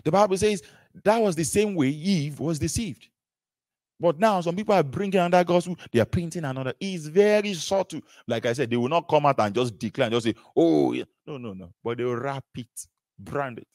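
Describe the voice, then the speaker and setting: A man preaching a sermon in an animated way, repeating phrases and asking rhetorical questions. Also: a little high, fairly quick, no echo.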